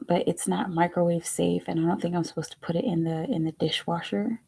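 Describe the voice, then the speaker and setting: Her voice is on the low side, creaky and husky, as she hosts a tarot livestream and talks casually with viewers. She's excitable and laughs often, now and then dropping to a near-whisper.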